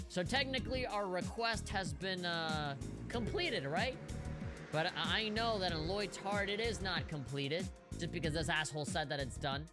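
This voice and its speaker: Low-voiced woman streamer cracking crude jokes over a game, loud game music underneath. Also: moderate pace. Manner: profane, joking, animated. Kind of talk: casual game commentary.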